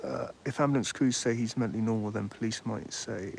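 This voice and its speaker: A man talks in a loose, rambling way, chatting to his viewers and reading their comments aloud. His voice sits on the low side. He is outdoors by a street, with faint traffic noise behind him. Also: fast talker, creaky, darkish tone. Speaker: livestream host. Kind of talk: casual live commentary.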